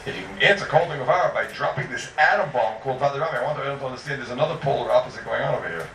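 A man giving a Talmud lecture in a lively, sing-song teaching manner, full of rhetorical questions. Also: medium pitch, racing, creaky. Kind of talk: yeshiva-style Talmud lecture. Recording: echoey room heard from far off, faint noise.

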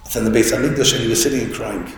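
A man's voice: medium pitch, rapid-fire. A man giving a Torah lecture, telling a story with many restarts and Hebrew and Yiddish terms. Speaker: rabbi giving a Torah talk. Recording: echoey hall with faint room noise.

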